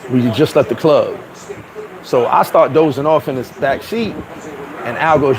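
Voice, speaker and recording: A man vlogging outdoors, telling a story in a loose, animated way, swearing and acting out other people's voices. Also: on the high side, moderate pace, poor audio. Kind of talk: casual storytelling to camera. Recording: street crowd noise behind.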